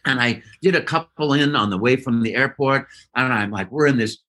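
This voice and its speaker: A man, a voice actor guest on an interview show, telling stories in an animated way with playful sound effects. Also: medium pitch, a little fast.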